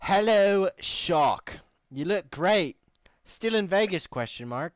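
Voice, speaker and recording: A man's voice: lively intonation, slow pace, dry recording. A man putting on a friendly foreign commenter's accent while reading an online comment aloud. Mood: chummy. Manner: high, loud, put-on accent.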